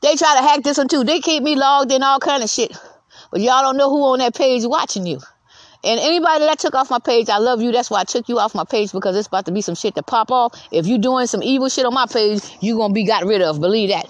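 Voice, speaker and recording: A woman's voice: on the high side, fast talker, dry recording. A woman in her fifties ranting bluntly and profanely in a voice message. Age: 50s.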